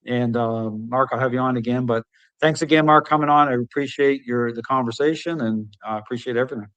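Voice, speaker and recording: Guy hosting a podcast, chatty and emphatic, mid pitch, super dry sound. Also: brisk, smooth, no room sound, highs cut off. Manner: animated, emphatic storytelling. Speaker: podcast host and dog trainer. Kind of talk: casual conversation.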